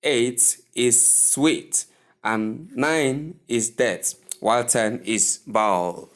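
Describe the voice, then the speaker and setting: Man, Nigerian English accent, pronunciation teacher, very slow deliberate delivery, mid-pitched voice. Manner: slow, deliberate, repeats each word several times. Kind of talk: slow instructional lesson.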